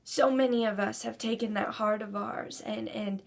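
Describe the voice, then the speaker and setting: A woman's voice: fairly high pitch, steady tone, moderate pace, vocal fry. A woman giving an earnest devotional talk to camera, building to emphatic preaching. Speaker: Christian speaker.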